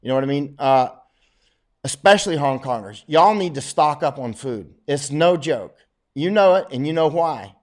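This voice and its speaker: A man's voice: a little high, lively intonation, normal speed. A middle-aged man, a war correspondent, talking bluntly and boastfully in a casual livestream monologue, often chuckling.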